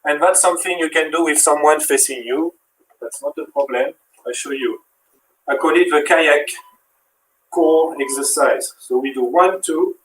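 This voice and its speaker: A man with a French accent leads a workout, counting reps and coaching as he moves. His voice sits a little high. It sounds echoey and distant, as if he is far from the mic in a bare room. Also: moderate pace, a bit bright, slight background noise. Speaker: fitness instructor. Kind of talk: live workout demonstration.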